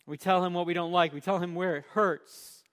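A male pastor preaching a sermon, emphatic, moving between loud punchy lines and quiet low ones, slowing down to stress key words. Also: steady tone.

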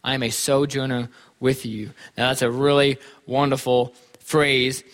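A man's voice: medium pitch, level tone, measured pace, fairly bright tone. A man preaching a sermon in an earnest, thinking-aloud way, often repeating words as he goes. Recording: long hall reverb.

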